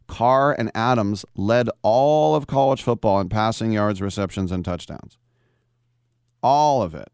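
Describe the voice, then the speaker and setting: A man's voice: on the low side, darkish tone, clean tone, no echo, clean studio sound. A man hosting a sports talk radio show, chatting and telling stories with frequent laughs. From Bay Area of California. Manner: chatty, storytelling, laughs often.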